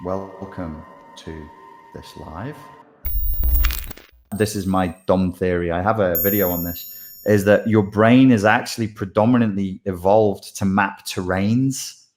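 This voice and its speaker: A man, a life coach, explaining his ideas in a loose, animated livestream monologue full of asides. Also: low voice, slow pace, soft background music.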